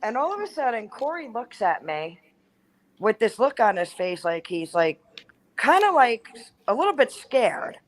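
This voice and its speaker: A woman's voice: a little high, very animated, measured pace, poor audio. A woman in her thirties telling a personal ghost story in casual chat, full of "like" and acted-out quotes. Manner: chatty, heavy use of "like", acts out quotes. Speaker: guest storyteller.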